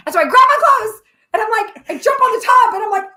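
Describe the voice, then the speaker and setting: Bubbly high-pitched young woman. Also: fast. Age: young adult. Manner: animated storyteller, shrieks and laughs often. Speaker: co-host. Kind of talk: casual chat.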